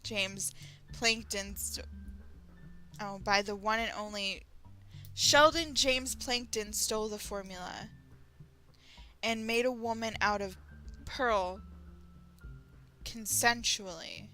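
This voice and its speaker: A woman from Texas reading fan fiction aloud as a channel host, in an animated way and often breaking off to react. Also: mid-range voice, slow pace, long pauses, faint music behind, rough recording. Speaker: story reader, channel host.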